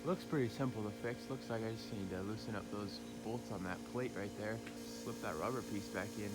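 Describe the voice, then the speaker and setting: A man's voice: on the low side, brisk, very noisy. Chatty young farmer man vlogging. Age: young adult. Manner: chatty, joking asides. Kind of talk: casual vlog narration.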